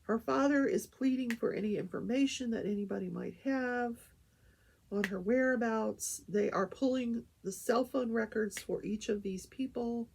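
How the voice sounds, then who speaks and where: A woman's voice: on the high side, moderate pace, creaky, a little mellow, a little hiss or hum. An older woman hosting a casual talk show, telling a story animatedly and acting out the quoted voices.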